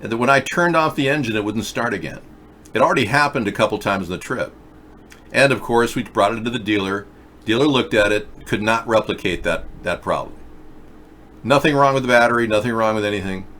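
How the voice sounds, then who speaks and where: A man's voice: fairly low pitch, fairly quick, fairly bright tone, a little hiss or hum. A man hosting a casual video chat show, rambling through stories and reading viewer comments aloud. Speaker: show host.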